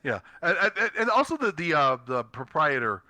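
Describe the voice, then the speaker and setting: Bright-voiced male dungeon master. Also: a little high, sing-song, no echo. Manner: halting narration full of fillers and restarts; laughs easily. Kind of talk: narrating a tabletop game for an online group.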